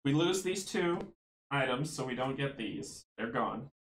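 A man's voice: mid-range voice, lively intonation, a little slow, roomy sound, rough recording. A man playing a tabletop board game solo, thinking aloud, counting out moves and chuckling often.

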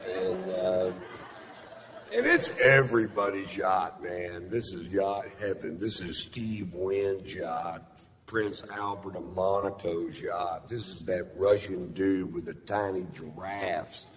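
A man with a very low, deep voice works through a stand-up comedy story. He drawls along with profane, rambling asides. His voice carries a long reverb from the big theater it was recorded in, and a faint hum sits underneath. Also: slow pace. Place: large theater stage with audience.

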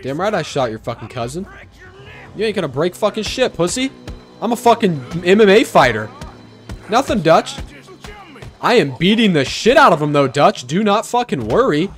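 A young man doing loud, profane, excitable commentary while playing a video game. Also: high-pitched, moderate pace, soft background music. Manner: profane, excitable trash talk. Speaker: gaming streamer. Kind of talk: gameplay commentary.

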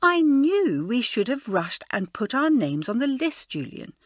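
Woman doing a moody schoolgirl, cross, sulky, higher voice, animated. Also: no echo, studio quality. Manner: cross and sulky, quick to brighten. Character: headstrong, moody schoolgirl heroine. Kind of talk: audiobook character voice.

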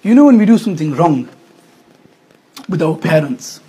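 Husky high-voiced preacher. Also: male voice, big pitch swings, normal speed. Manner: impassioned, swinging from loud to hushed. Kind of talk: emotional sermon. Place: mosque gathering.

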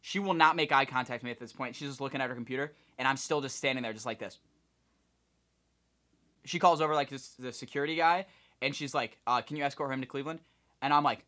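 A young man from Ohio, a vlogger telling a rambling, animated story with lots of swearing. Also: mid-range voice, fast. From Ohio, United States. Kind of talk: casual storytelling vlog.

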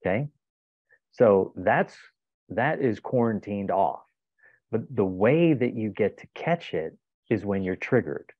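A man speaking emphatically in a lowish voice, giving a motivational self-help talk full of stories. The audio is tinny and phone-like, with no room echo. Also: expressive, takes it slowly. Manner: emphatic, storytelling with acted-out quotes. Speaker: guest. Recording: tinny phone-like dry sound.

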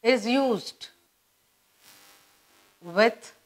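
Slow, repetitive woman grammar teacher. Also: on the high side. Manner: repeats words and phrases slowly for emphasis.

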